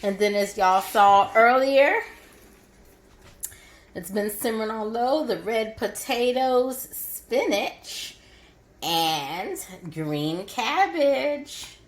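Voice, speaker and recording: A woman's voice: on the high side, lively intonation, very slow. A woman vlogging her home cooking, chatting through each step as she shows the food. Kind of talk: cooking demonstration.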